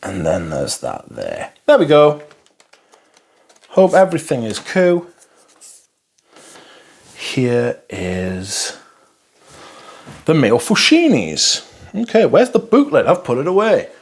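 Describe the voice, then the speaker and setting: A man reviews fragrances in a loose, rambling chat, swearing casually and calling the audience his friends. His voice is a little husky, and his pitch swings about with lively ups and downs. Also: takes it slowly, long pauses. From Newcastle, England. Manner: chatty and rambling, swears freely, addresses viewers as friends.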